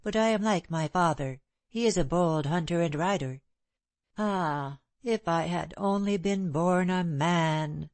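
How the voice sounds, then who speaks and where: A woman's voice: on the low side, unhurried, darkish tone, dry recording. A woman reading the part of a bold, scornful, free-spirited young woman in an audiobook, impetuous and proud. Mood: defiant.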